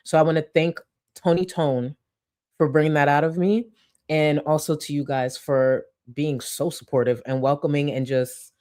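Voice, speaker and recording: Low voiced girl streamer going off, jokey and over the top dramatic, swears a lot. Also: fairly even intonation, normal speed, warm tone, no room sound, clean studio sound. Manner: mock-dramatic, swears freely, joking asides. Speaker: streamer reacting to clips. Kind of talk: casual live-stream commentary.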